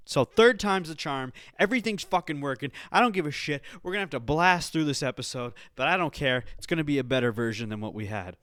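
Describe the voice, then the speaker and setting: Loud, swearing young man ranting. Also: fairly high pitch, lively intonation, fast, few pauses, smooth, dry recording. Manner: loud, agitated, swears constantly. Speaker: podcast host. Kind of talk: casual profane rant.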